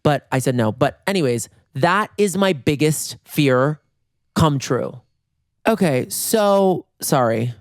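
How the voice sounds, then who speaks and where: A man in his thirties hosting a podcast from his bedroom, telling funny stories in a lively way, jumping into high voices when acting out scenes. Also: slow, no echo, studio quality. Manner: animated, acts out voices with big jumps in pitch. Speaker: podcast host. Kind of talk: comedic storytelling.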